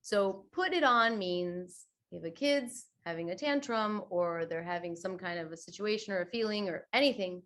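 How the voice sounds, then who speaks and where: A woman yoga teacher talking in a podcast interview, chatty and expressive, acting out quoted voices with big swings. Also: medium pitch. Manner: chatty, many fillers like "you know" and "right". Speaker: guest yoga teacher and teacher trainer.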